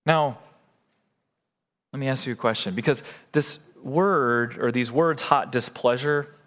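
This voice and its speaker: A man's voice: medium pitch, measured pace, a bit bright, long reverb tail. A man preaching a sermon in a church, earnest and posing questions to the congregation. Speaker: pastor. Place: church sanctuary.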